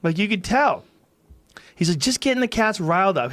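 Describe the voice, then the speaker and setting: A man's voice: high voice, very animated, a little fast, a bit bright. A man hosting a podcast, chatting casually and profanely, acting out animals in put-on voices as he tells a story. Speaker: podcast host. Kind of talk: casual chat. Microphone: studio mic.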